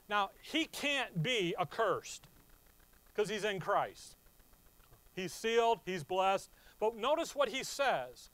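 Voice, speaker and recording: Male Bible teacher, slightly high-pitched, conversational, slows for emphasis. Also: very animated, fairly bright tone, no echo, poor audio. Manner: conversational teaching, rising to slow emphatic stress. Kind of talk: sermon.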